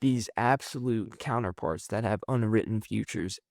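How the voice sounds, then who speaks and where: A man host casually recapping a comic book issue, rambling and excitable, acting out the characters' lines as "he's like". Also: fairly low pitch, moderate pace, creaky, dry recording, studio quality.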